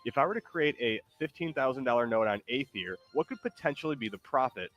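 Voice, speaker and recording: A man's voice: mid-range voice, lively intonation, quick pace, a bit bright, highs cut off. A man hosting a stream in casual chat, laid-back and hesitant, laughing often and reading chat messages aloud.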